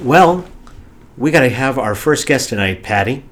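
A man's voice: mid-range voice, expressive, normal speed, a bit bright. A man from the United States hosting a talk radio show in a jokey, hammy way, with stumbling restarts.

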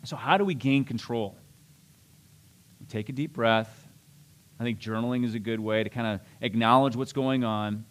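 A man's voice: mid-range voice, normal speed, long pauses. Conversational male pastor preaching a sermon. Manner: conversational, self-deprecating, with restarts and asides.

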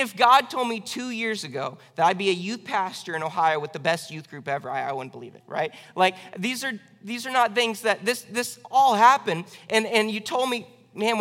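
A young man, a youth pastor, preaching a sermon in a church with lively, acted-out asides. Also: in a large hall. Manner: animated, acts out quoted voices with big swings in pitch and loudness. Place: church sanctuary.

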